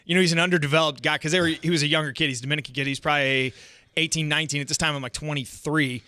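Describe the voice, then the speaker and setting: A man co-hosting a podcast, telling stories in casual chat, animated and laughing often as he acts out voices. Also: fairly high pitch, rapid-fire, no room sound. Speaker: podcast co-host.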